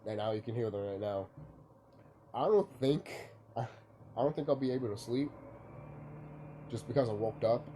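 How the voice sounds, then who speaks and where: A man's voice: medium pitch, expressive, normal speed, long pauses, dark tone, slight background noise. A young man vlogging from home in the early morning, sleepy and rambling, swearing casually and leaning on fillers. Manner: loose, rambling, lots of fillers and profanity.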